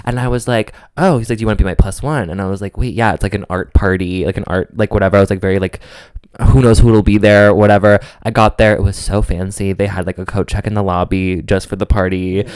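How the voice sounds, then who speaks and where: A young man co-hosts a podcast and tells a story in a campy, animated way, slipping into quoted voices as he goes. His voice sits fairly low and sounds smooth and clear. It is recorded on a dry, close mic. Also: quick pace, dry recording. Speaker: podcast co-host. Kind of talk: casual chat, storytelling.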